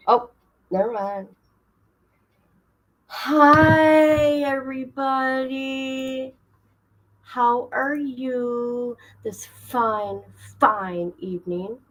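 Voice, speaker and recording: A woman's voice: a little high, very slow, long pauses, poor audio. A woman hosting her own livestream, chatting casually and greeting viewers by name while she fumbles with her setup. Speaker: livestream host.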